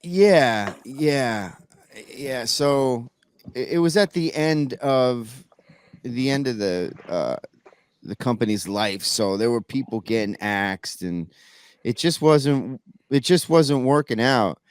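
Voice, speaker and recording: A man's voice: medium pitch, expressive, takes it slowly, clean tone. A man telling a backstage story in casual podcast chat, rambling with many restarts and fillers. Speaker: guest musician.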